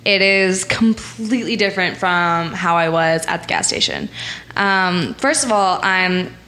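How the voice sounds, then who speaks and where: A woman's voice: fairly low pitch, very animated, measured pace, pushed and bright. A young woman guest in a casual podcast chat, talking loosely with many fillers. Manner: chatty, lots of likes and ums, laughs often.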